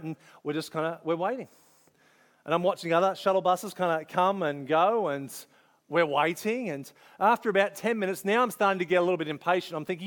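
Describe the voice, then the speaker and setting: High-voiced pastor telling a story. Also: male voice, fairly bright tone. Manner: storytelling, acts out his own inner thoughts, conversational. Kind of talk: sermon with personal story.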